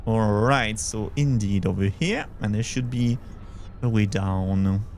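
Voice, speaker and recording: Belgian-accented man, lively drawn-out game chatter. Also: medium pitch, slight background noise. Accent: Belgian French. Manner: chatty, thinks aloud, reads chat. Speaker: streamer. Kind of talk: casual gameplay commentary.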